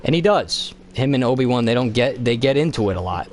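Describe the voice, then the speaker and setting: A man's voice: mid-range voice, brisk, a little hiss or hum. Rambling, swearing male game streamer. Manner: rambling, profane, animated retelling. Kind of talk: casual live-stream chat. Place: home basement.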